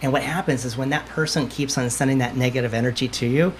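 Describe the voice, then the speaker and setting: A man's voice: medium pitch, fairly even intonation, fast talker, slight background noise. A man, a medium guest on a podcast, answering in a confident, emphatic storytelling way and often repeating phrases for emphasis. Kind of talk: conversational interview answers.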